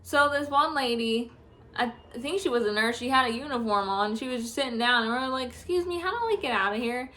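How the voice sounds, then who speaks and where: Young woman, high voice, keeps laughing and cussing, casual storytime rant. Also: expressive, a little fast, pushed and bright. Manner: laughing often, swearing, exasperated storytelling. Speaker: vlogger.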